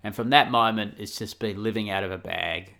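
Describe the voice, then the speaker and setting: A man's voice: lowish voice, brisk, gravelly, pushed and bright. A middle-aged Australian man hosting a podcast, talking candidly in a rambling, casual way with restarts and swearing. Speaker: podcast host. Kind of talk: casual solo podcast monologue.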